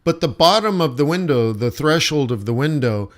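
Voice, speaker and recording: A man hosting live market commentary, talking in an animated, blunt and mocking way. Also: a little high, moderate pace. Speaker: trading show host.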